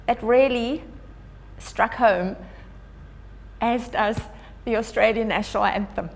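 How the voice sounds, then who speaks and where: A woman's voice: a little high, slow pace, pauses often. A woman from Africa, giving an earnest, upbeat public address as an Australia Day ambassador. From South Africa. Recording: long hall reverb.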